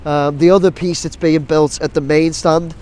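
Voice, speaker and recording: With a fairly high pitch and a darkish tone, a congested male drone vlogger talks in a flat, moderately paced way. He's outside near a busy building site, rambling casually with lots of ums and restarts. Wind and faint site and traffic noise sit in the background.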